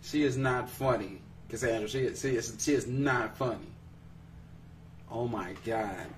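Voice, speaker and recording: A man hosting a relaxed podcast chat, with a voice of middling pitch that breaks into laughter and playful teasing. He sits a little back from the mic, and a faint hiss sits under the recording. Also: unhurried, recorded from a distance. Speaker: podcast host. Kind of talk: casual chat.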